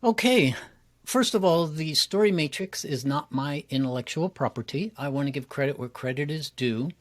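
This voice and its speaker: A man who coaches public speaking, a guest in an interview, talking with energy and acting out his examples. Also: a little high. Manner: energetic and quick, acts out examples.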